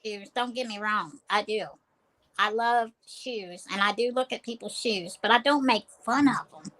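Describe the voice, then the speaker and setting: A woman's voice: fairly high pitch, moderate pace, a bit bright. A woman co-hosting a podcast in casual chat, playful and a little defensive. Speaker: podcast co-host.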